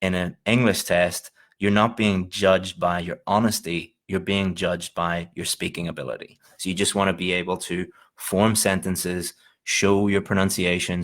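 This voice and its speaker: A man's voice: sits low, a bit bright. A man in his thirties giving a recorded lecture as an exam-prep teacher, informal and encouraging, with casual asides and small laughs. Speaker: IELTS teacher.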